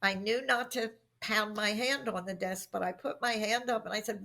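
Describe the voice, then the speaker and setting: A middle-aged woman, a guest expert on workplace communication, tells animated workplace anecdotes on a podcast interview, acting out the quotes. Her mid-range voice is creaky, at a moderate pace with few pauses.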